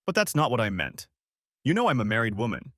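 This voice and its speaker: A man's voice: medium pitch, wildly swooping pitch, fast, a bit bright, no room sound, studio quality. A man voicing a friendly, chatty young neighbor woman in a storybook reading.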